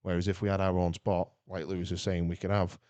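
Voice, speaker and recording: A man talking loosely on a podcast, his voice low and warm. He rambles and jumps between thoughts, with plenty of energy. The sound is dry and close to the mic. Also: fast talker, no echo, lo-fi sound. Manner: rambling, animated, chatty. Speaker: podcast co-host. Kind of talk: casual chat.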